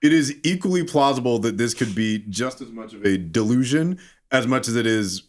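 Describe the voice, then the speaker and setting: Male podcast co-host, expressive pitch, relaxed critique. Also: brisk. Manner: thoughtful commentary, swearing casually. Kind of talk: casual chat reviewing a cartoon episode.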